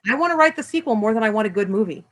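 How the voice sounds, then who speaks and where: A woman's voice: fairly high pitch, animated, very fast, poor audio. A woman author being interviewed in a casual chat, talking bluntly and animatedly, with self-deprecating humor. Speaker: author guest.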